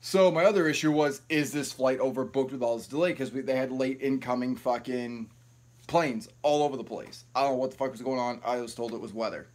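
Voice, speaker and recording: A young YouTube vlogger with a mid-range, brisk, slightly mellow voice tells rambling, profane stories to camera. He's at home with no ring light set up, recorded on the camera's built-in mic rather than an external one.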